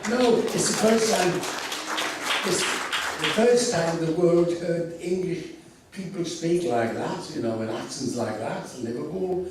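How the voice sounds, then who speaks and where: An older man telling theatrical, animated anecdotes as a convention guest, recorded from far off in an echoey hall. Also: fairly high pitch, a little slow, background noise. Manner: theatrical, animated storyteller with laughs. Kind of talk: anecdotal storytelling.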